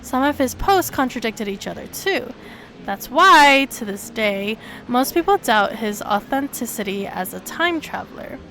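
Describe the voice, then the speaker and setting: A woman with a fairly high voice reads a visual novel's text aloud for her stream, with sudden excited jumps in pitch. A faint background hiss sits under her voice. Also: unhurried.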